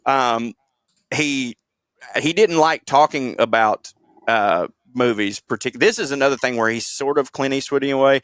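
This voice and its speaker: A man's voice: medium pitch, normal speed, a bit bright, clear, resonant tone, dry recording. Rambling, profane man on a podcast. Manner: rambling, profane, self-deprecating storytelling. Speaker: podcast co-host presenting history segment. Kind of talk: casual podcast chat.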